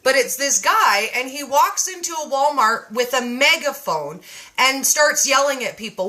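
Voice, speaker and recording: A woman hosting a casual live-stream chat, reading viewer comments aloud in an animated way. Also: high-pitched, measured pace, low-quality recording. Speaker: live show host. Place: home.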